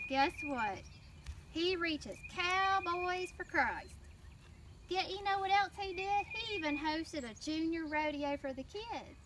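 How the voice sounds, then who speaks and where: A woman with a Southern US accent telling a children's story in church, animated and prompting the kids to answer. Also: high-pitched. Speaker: children's mission teacher. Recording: distant mic with faint noise.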